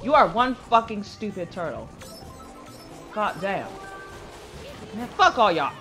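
A young female gaming creator comments live on her racing gameplay over music, her mid-range voice swinging widely in pitch at a slow pace with long pauses. She curses, stumbles and restarts her words, and erupts in frustrated outbursts.

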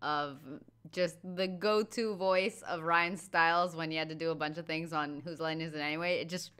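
A woman's voice: low voice, steady tone, moderate pace, a bit bright, clear, resonant tone. A woman from the United States giving chatty, casual reaction commentary on a comedy clip. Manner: chatty, laughing along. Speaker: reaction video host.

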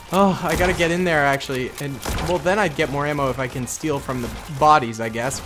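A man hosting a gaming channel, giving hyped, slangy gameplay commentary with loud excited outbursts. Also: medium pitch, fast, few pauses, a little hiss or hum. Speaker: gaming YouTuber host.

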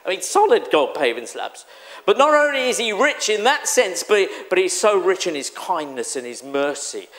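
A man preaching a sermon in a church, animated and exclamatory, acting out the voices he quotes. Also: high voice, normal speed. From England. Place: church hall.

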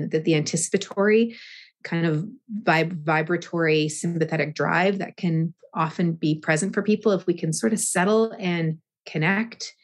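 A woman guest on a yoga podcast, speaking reflectively in an interview and often pausing to find her words. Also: lowish voice. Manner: reflective, searching for words, frequent restarts.

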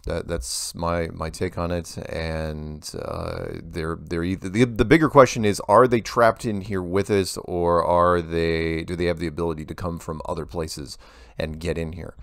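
A man's voice: deep voice, fairly even intonation, unhurried, fairly bright tone, dry recording, studio quality. A man hosting a casual Q&A, reading viewer emails aloud and answering them in a rambling way that often breaks off and restarts. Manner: rambling, self-interrupting, restarts sentences. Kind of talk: casual Q&A monologue.

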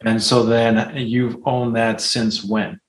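A man's voice: mid-range voice, flat delivery, slow, roomy sound, rough recording. A man hosting an interview, asking short prompts and follow-up questions. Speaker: podcast interviewer.

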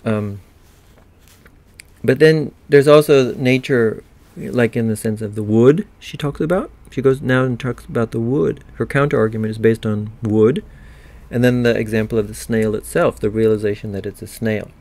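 An American man giving a recorded university literature lecture in a digressive, halting way with many fillers. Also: mid-range voice, a little mellow.

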